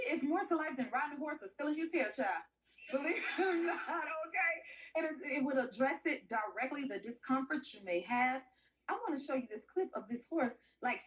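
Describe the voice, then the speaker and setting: Guy doing a sassy talk show lady, high voice, chatty and folksy, talks to the crowd, sounds a bit far off the mic. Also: fairly bright tone. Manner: sassy, folksy, addresses the audience. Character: sassy chatty woman talk-show host, animal lover. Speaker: talk-show host character. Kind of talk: comedic character monologue.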